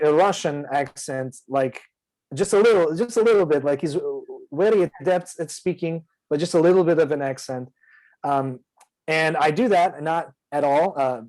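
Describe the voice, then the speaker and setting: A man speaking in a somewhat raised pitch, talking casually about the character he plays. He is earnest and rambles, with lots of ums and restarts. It sounds like easygoing chat between game friends. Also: darkish tone, low-quality recording. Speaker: player.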